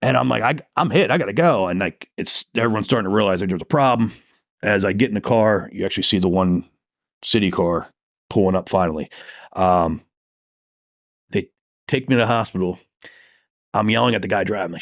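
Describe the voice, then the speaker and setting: A man's voice: lowish voice, quick pace, no echo, clean studio sound. A man who works as a police detective, telling a story as a podcast guest in a casual, profane way and acting out the lines he quotes.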